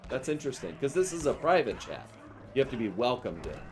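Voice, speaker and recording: A man's voice: medium pitch, big pitch swings, fast talker, slight background noise. A man streaming a video game in casual chat, joking playfully and laughing often. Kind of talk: casual chat while gaming.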